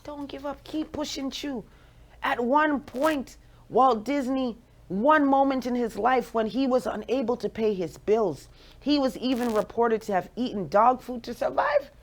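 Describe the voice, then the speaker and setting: A woman in her forties with a Jamaican accent, hosting a radio show with playful, animated motivational talk. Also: fairly high pitch, unhurried. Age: 40s.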